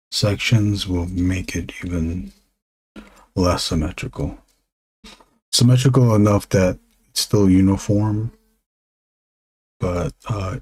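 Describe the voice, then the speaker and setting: Low and nearly whispering into a desk microphone, a man streams himself drawing comics and muses aloud with frequent pauses. His tone is slightly mellow.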